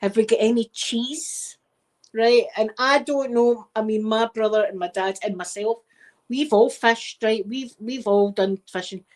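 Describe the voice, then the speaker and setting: Casting note: middle-aged Scottish woman, soft chatty ASMR host, meandering storyteller. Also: on the high side, a little slow. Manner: chatty and rambling, with frequent wee and laughter. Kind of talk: soft-spoken casual chat.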